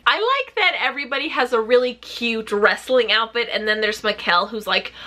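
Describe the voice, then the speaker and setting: A woman vlogger giving a chatty, sarcastic recap of a TV show with rapid-fire questions. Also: fairly high pitch, expressive, bright, forceful tone. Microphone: camera mic.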